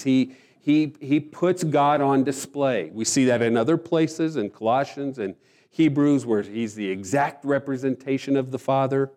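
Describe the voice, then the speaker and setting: A man's voice: mid-range voice, darkish tone. A man preaching a sermon, earnest and emphatic, often restarting his phrases. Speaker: pastor.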